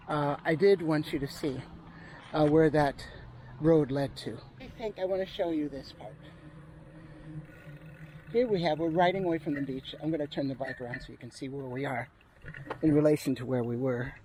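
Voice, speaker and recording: Man vlogging on his bike outdoors, high voice, chatty, loud outdoor noise behind him. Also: rough recording. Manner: chatty, narrating as he rides. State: out of breath at times. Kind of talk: casual talk while cycling.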